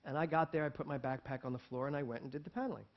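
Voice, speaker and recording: In a dull, lo-fi recording, a male pastor races through a sermon in a mid-range voice. He animatedly tells a personal story, acting out the people in it and laughing between lines.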